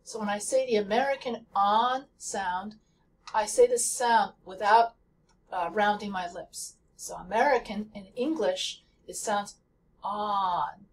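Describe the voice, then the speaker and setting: A woman's voice: mid-range voice, unhurried, distant mic, a little hiss or hum. A woman teaching a pronunciation lesson, speaking carefully and repeating example words to demonstrate sounds. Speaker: language teacher.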